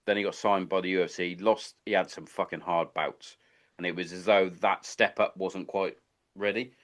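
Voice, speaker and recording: A man's voice: sits low, fairly even intonation, moderate pace, fairly bright tone. A man hosting a podcast, chatting casually and telling long rambling anecdotes full of swearing. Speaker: podcast host. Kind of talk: casual chat.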